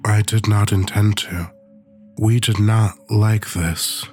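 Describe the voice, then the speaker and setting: A calm, cryptic machine entity, voiced by a man, speaking formally without contractions, low and even. It sounds disembodied and a little lower than the man's usual register, measured in every word. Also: husky, soft background music.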